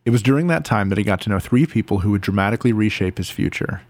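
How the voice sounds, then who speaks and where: A man reading scripted narration in a measured way. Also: lowish voice, lively intonation, a little mellow, no echo.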